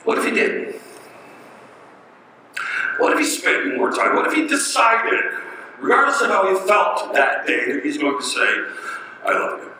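A man preaching a sermon in a conversational way, with pauses and rhetorical questions, recorded from a distance in an echoey hall. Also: high voice, big pitch swings, pushed and bright, a little hiss or hum.

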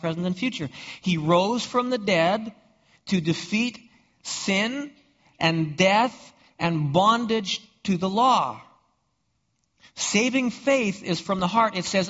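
High-voiced pastor preaching. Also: male voice, a bit bright. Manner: rhetorical questions, frequent repeated words. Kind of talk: sermon. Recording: dull reverberant hall recording.

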